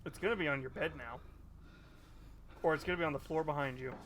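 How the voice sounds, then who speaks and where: A man with a slightly raised pitch comments live on spooky videos. His tone is blunt and skeptical, and he swears casually and often. A faint noise runs behind his voice. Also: fast talker, fairly bright tone. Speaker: streamer reacting to videos.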